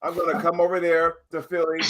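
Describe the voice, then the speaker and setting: A man's voice: fairly high pitch, completely flat delivery, fast, noisy background. An American man boasting on a talk show, swaggering and repetitive, acting out little scenes of what he will do. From United States. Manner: swaggering, repetitive, acts out quotes.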